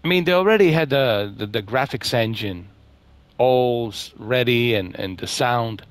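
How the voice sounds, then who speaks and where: A man's voice: medium pitch, measured pace, clean tone. A man hosting a gaming video, rambling through a casual spoken review with many fillers and repeated words, dejected and mumbling.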